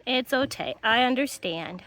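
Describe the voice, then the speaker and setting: A woman's voice: a little high, lively intonation, a little slow, a bit bright. A woman vlogging outdoors on a farm. She coaxes her animals in a sing-song voice and chats plainly to the camera. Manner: chatty, down-to-earth. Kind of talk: casual vlog narration.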